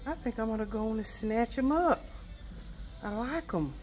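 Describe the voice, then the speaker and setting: A woman's voice: fairly high pitch, animated, moderate pace, a little mellow. A woman chatting playfully and directly to her viewers in a casual vlog. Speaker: vlogger. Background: music.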